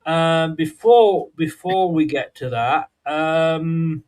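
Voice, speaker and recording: A man's voice: on the high side, slow pace, a little mellow, soft background music. A man hosts a fan show in a chatty way, moving it along and handing over to his co-hosts. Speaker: show host. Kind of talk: casual podcast banter.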